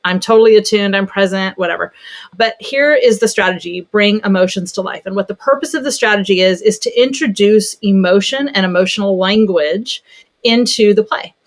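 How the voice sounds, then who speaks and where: A woman pediatric therapist telling a story in a casual podcast conversation, animated and chatty. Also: mid-range voice, a little fast.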